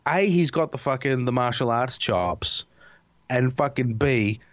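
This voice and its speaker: A man's voice: medium pitch, animated, unhurried, no room sound, highs cut off. A man in casual chat, laid-back and swearing constantly, with frequent restarts.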